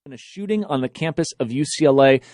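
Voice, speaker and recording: A man delivers a breaking news report. He speaks in a measured way with frequent fillers, and his pitch is mid-range. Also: animated, a little mellow, dry recording.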